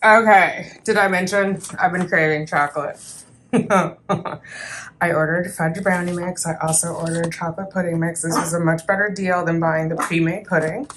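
A woman's voice: fairly low pitch, steady tone, normal speed, fairly bright tone, slight background noise. A woman in her thirties chatting casually in a vlog, talking herself through her breakfast and her groceries. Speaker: vlogger.

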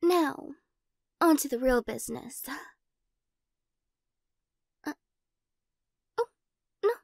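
A woman's voice: sits high, drawn-out words, gravelly, a little mellow, no echo, clean studio sound, heavily acted. A woman playing a weird, giggly girl in whispered role-play. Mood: quirky.

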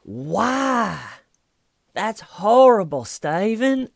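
A man playing a scolding male police detective, in an exaggerated, mocking high whine. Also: very animated, unhurried, dry recording, studio quality.

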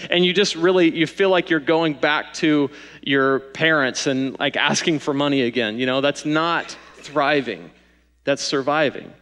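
A young man preaching a sermon as pastor, in a conversational manner with animated asides. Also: fairly high pitch, normal speed. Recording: long hall reverb.

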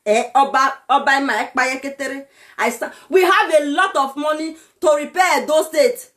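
A Nigerian woman with a Nigerian accent, delivering an impassioned political rant to her viewers, shouting and pleading. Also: high voice, moderate pace. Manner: shouting, pleading, breaks into laughter. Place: lives abroad in Europe.

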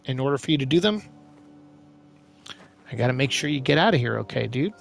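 A young man doing let's-play commentary, excitable and joking, trash-talking the enemies. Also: medium pitch, a little fast, creaky. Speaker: gaming commentator. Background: game music.

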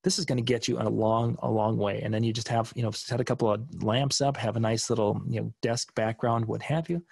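A man's voice: mid-range voice, fairly even intonation, brisk, gravelly, a little mellow, slightly rough, dry recording, studio quality. A middle-aged man hosting a live streaming seminar from a home desk, chatty and rambling with many restarts as he answers viewer questions.

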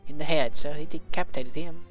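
A man's voice: a little high, brisk, a bit bright, soft background music, rough recording. Casual man reading game combat logs. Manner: reads game text aloud with casual asides. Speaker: let's play commentator.

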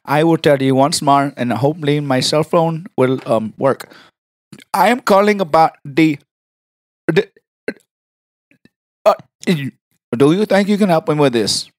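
A dragging, overly polite caller who never finishes his sentences, as a man puts him on. The voice sits a bit higher than a normal man's and the words come out slow and drawn out. It sounds close and dry. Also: darkish tone, no echo, lightly acted. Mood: slow, mock-polite. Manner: drawn-out, halting, falsely polite. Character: slow, confused male caller who keeps stalling.

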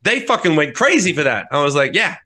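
High, lively man telling stories. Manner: animated, profane, quick bursts with impressions. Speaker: podcast co-host and touring musician. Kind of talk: casual storytelling chat.

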